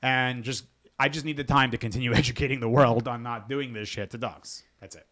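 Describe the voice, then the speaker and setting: Fast-talking, animated man dog trainer. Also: medium pitch. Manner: fast, animated storytelling with acted-out quotes; casual, swears freely. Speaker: dog trainer and show host. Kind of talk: casual podcast chat.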